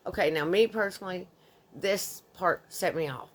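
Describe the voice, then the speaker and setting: A woman's voice: fairly low pitch, moderate pace. A woman in her thirties reading a forum story aloud in an indignant, conversational way. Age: 30s. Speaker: narrator.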